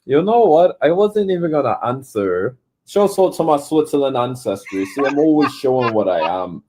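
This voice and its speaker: A man's voice: medium pitch, sing-song, moderate pace, noisy background. A man in a social media clip, talking in a preachy, confrontational way.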